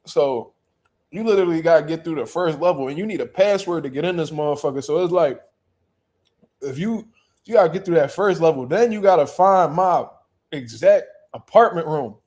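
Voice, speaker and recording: A young man, hosting a casual boxing talk stream. His voice sits on the high side, and he jokes loudly and profanely with bursts of laughter. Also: lively intonation, moderate pace. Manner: loud joking banter, bursts of laughter, profane slang. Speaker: boxing show host. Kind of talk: casual chat reacting to live chat.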